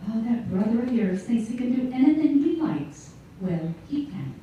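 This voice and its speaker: A woman's voice: fairly high pitch, very animated, moderate pace, noisy background. An actress playing a fond, fretful mother in a stage play. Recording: echoey stage from a far mic.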